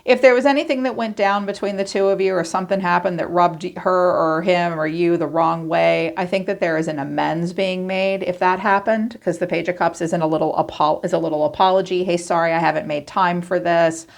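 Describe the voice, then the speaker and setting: A woman's voice: lowish voice, steady tone, brisk, creaky, few pauses. A woman giving a casual tarot card reading, chatty and informal, thinking aloud as she goes. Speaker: tarot reader.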